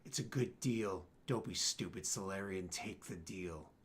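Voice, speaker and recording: A man's voice: low voice, unhurried, slight background noise, pitched below the performer's own voice. A man growling as a menacing alien mercenary boss. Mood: threatening. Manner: curt, commanding. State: cracking voice.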